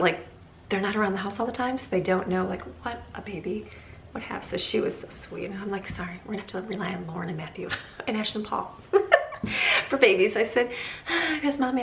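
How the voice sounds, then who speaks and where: A woman's voice: medium pitch, vocal fry, a bit bright. A middle-aged woman vlogging from her home in a chatty, rambling way, laughing often. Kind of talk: casual chat. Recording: echoey room with faint ambient noise.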